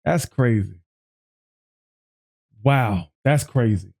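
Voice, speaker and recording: Dark-voiced man reacting to music. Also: medium pitch, very slow, vocal fry. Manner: excited, quotes lyrics back, restarts sentences. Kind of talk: casual reaction commentary.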